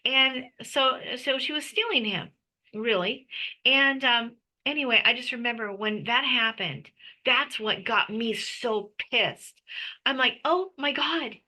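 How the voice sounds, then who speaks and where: Bright, intense middle-aged woman. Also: fairly high pitch, a little slow, poor audio. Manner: intense, frequent restarts and stammers. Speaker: interview guest. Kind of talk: emotional personal testimony.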